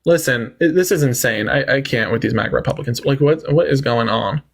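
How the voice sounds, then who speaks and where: Male livestream debate host, husky, mid-pitched, combative and sarcastic. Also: fairly quick. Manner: sarcastic, mocking, theatrical. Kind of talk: heated political debate.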